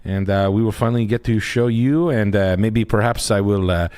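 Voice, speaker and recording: Man doing a halting foreign guy, broken English, lots of ums, lowish voice. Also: fairly even intonation, a little mellow, clean tone, no echo, lightly acted. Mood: deadpan.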